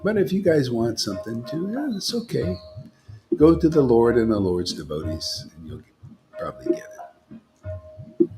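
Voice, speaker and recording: With a sing-song, medium-pitched voice, a monk rambles through an informal talk at a devotional gathering, keeps asking his listeners "you know?", and speaks at a moderate pace with frequent pauses. Music can be heard in the background.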